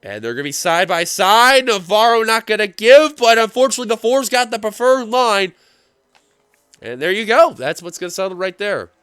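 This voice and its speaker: A man giving play-by-play commentary on a simulated stock car race, getting excitable as the finish nears. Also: high voice, normal speed, smooth, no echo, clean studio sound. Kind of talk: play-by-play sim racing commentary.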